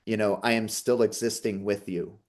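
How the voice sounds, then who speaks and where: A man's voice: on the low side, fairly even intonation, normal speed. A man who works as a psychic medium, giving an earnest inspirational talk and often checking in with listeners. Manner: earnest, repeats "okay?" to the audience. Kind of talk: inspirational talk with personal story.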